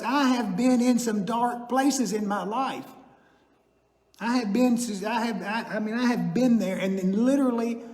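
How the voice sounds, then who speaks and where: An older man delivers a sermon in a folksy, earnest manner, telling personal stories to his congregation. His voice sits fairly high for a man. The sound rings through a church sanctuary with a long, echoing reverb. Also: a little mellow. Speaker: chiropractor giving a church message.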